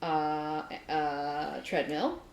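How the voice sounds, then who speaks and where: Woman chatting away, low-ish voice, laughing a lot, echoey room. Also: very slow, gravelly, dull audio, a little hiss or hum. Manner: animated storyteller, laughing often. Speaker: podcast co-host. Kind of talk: casual chat. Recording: roomy echo.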